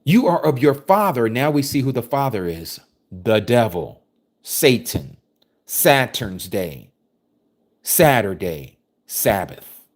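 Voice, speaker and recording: Man preaching with a lively, animated voice. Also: medium pitch, takes it slowly. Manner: forceful, preachy, rhetorical questions. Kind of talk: sermon reading and explaining scripture.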